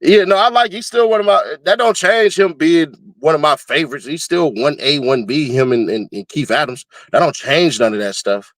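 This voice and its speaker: Man, casual commentary host, animated, laughs a lot, fairly high voice, dry close sound. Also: moderate pace, hardly any pauses, dry recording. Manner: animated, laughs often, breaks into high-pitched screaming bits.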